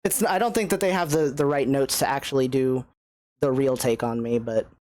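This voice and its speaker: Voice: medium pitch, moderate pace, darkish tone, no room sound. A young adult game streamer in casual let's-play chat, self-mocking, often stammering and swearing. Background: faint game music.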